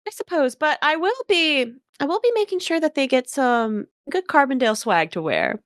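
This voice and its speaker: A showy, bubbly realtor mom gushes in a sing-song lilt, as a woman puts her on. The voice sits high and swoops all over. The sound is close and dry. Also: expressive, moderate pace, no room sound. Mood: gushing.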